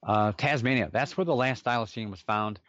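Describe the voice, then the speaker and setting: A man's voice: medium pitch, brisk, a bit bright, no room sound, lo-fi sound. A man hosting a solo podcast, rambling casually with self-mocking jokes and sidetracks. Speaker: podcast host.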